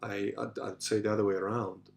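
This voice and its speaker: A man's voice: on the low side, brisk, vocal fry. Rambling man telling street stories. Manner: rambling, frequent restarts and "you know"; animated, acts out voices in his stories. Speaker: podcast host answering listener questions. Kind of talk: casual storytelling monologue.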